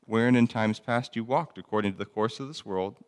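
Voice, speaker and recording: Man, low voice, casual Bible teacher reading and explaining verses, reverberant hall. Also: fairly quick. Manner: conversational, reads scripture aloud, frequent ums and restarts.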